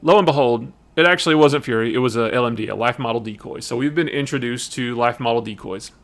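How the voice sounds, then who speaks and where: Male host of a comic review livestream, rambling and animated, casual and chatty. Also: mid-range voice, fast talker. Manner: rambling, animated, lots of fillers and restarts. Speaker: comic book streamer.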